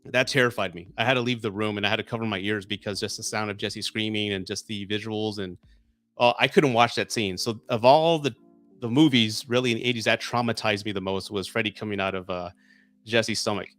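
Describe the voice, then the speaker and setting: A man in his forties hosting a casual live stream, chatting excitedly and getting emotional when viewers send gifts. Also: fairly low pitch, a little fast, soft background music. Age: 40s.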